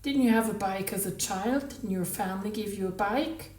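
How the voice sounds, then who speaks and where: A woman reading a novel aloud, voicing a brash, volatile, flirtatious married woman who exclaims loudly. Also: mid-range voice, moderate pace, distant mic, lightly acted. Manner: loud, exclaiming, mercurial. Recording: roomy, from the mic.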